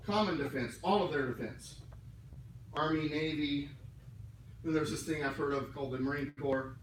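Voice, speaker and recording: A man lectures a class in a conversational way, breaking ideas down word by word and tossing in joking asides. His voice sits a little high. The sound is roomy and distant, with faint hiss underneath. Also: normal speed. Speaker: class instructor. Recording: echoey room miked from afar.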